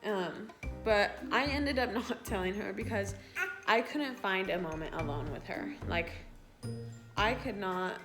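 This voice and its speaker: A young woman in her late teens tells a personal story to her viewers. She talks casually and keeps acting out what people said. Music plays quietly behind her voice. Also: medium pitch, animated, unhurried. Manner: chatty and filler-heavy, retells scenes in quoted asides. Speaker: vlogger.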